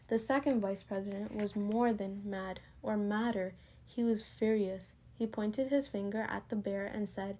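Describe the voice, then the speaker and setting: A woman reading a picture book aloud, expressive, slowing and lifting her voice for emphasis. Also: medium pitch. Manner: expressive, slows and rises for emphasis. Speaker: storybook reader.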